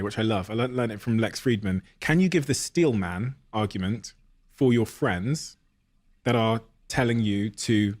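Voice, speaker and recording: A podcast host with a slightly low voice asks his guest curious, measured questions. He takes his time framing each question clearly. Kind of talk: interview questions.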